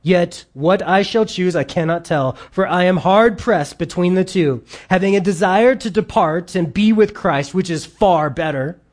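A pastor preaching a sermon, reading scripture aloud and explaining it, with emphatic stresses that drop into quiet asides. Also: medium pitch, a little slow, few pauses.

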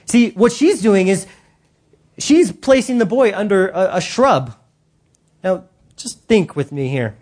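Animated, emphatic preacher. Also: medium pitch, slow pace, long pauses. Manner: emphatic, animated, talks to the congregation. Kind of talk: sermon.

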